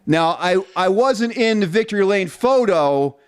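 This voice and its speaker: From his basement at home, a podcast co-host rambles through joking stories in a casual chat. His voice is high-pitched, expressive, and smooth, moving a little slowly.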